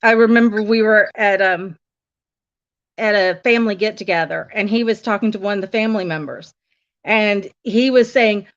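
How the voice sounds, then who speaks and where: A woman's voice: medium pitch, normal speed. A woman from the United States chatting casually on a live stream and telling stories, laughing often. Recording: dull, lo-fi stream audio.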